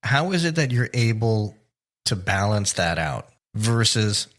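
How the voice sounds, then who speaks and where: A man's voice: lowish voice, sing-song, a little slow, a bit bright. A man hosting a casual podcast interview, asking curious conversational questions. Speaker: podcast host.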